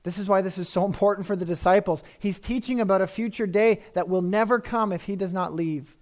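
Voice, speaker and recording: A man's voice: high-pitched, brisk, a little mellow. A man preaching a sermon in a conversational, emphatic way, often repeating phrases for effect.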